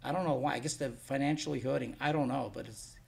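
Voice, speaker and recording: A man's voice: mid-range voice, fast talker, vocal fry, a little mellow, breathy edge. A man being interviewed about running his DVD label, talking bluntly and rambling, swearing freely. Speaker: guest, DVD label owner. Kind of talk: casual interview chat.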